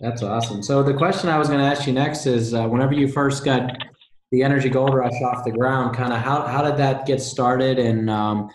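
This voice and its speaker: A man's voice: mid-range voice, fairly even intonation, fairly quick. A man hosting an interview, asking loose, easygoing questions. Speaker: interview host. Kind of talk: casual interview. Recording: roomy with faint noise.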